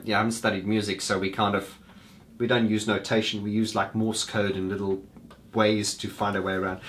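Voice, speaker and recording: Here a music video host, his voice fairly low in pitch with a fairly bright tone, addresses viewers in a loose, unscripted ramble. Fillers and restarts pepper his speech, and he calls his audience "guys" like friends.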